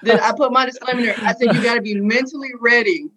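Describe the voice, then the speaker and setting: A woman's voice: a little high, quick pace, fairly bright tone, breathy edge. A woman guest on a podcast, speaking frankly and emphatically in a casual chat, often repeating herself. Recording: dull lo-fi sound.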